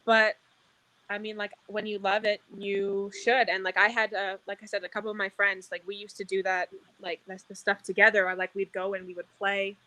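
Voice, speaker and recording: Bright young woman, filler-heavy chat. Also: mid-range voice, little pitch movement, a little fast, rough recording. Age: young adult. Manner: rambling, says "like" constantly. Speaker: guest, casino dealer. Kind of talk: casual chat.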